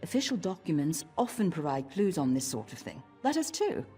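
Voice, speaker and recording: An actress voicing a stern dark elf woman who serves as a tower steward in a video game, speaking in a measured, formal way. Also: deep voice, sing-song, faint music behind. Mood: grave. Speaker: game character.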